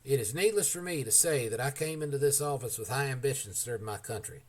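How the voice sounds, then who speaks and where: A man's voice: medium pitch, expressive, quick pace, lightly acted. A man reading as a weary, grave old president. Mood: earnest.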